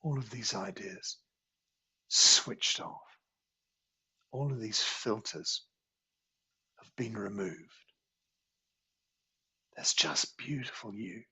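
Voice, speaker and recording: A man teaching a qigong healing class, guiding a slow, soothing meditation with repetitive phrasing. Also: fairly low pitch, gravelly, pushed and bright, husky.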